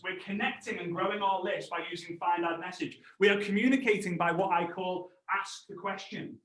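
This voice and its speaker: A man in his thirties giving an animated network marketing training talk. He tells stories, acts out other voices, and breaks into laughs and shouts. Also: high voice, roomy sound. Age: 30s.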